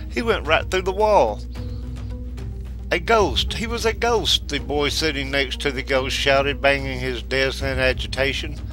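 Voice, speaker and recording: A man narrates a ghost story in a bright, clear voice at a middle pitch. He keeps a measured, steady storytelling pace. Faint music plays behind him. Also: low-quality recording. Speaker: storyteller host.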